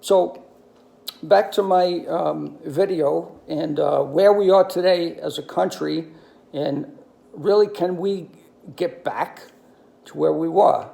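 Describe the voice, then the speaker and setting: A man, telling stories in a halting monologue full of ums and uhs. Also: sits high, gravelly, dark tone. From New York City. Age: 60s. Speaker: video commentator. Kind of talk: monologue to camera.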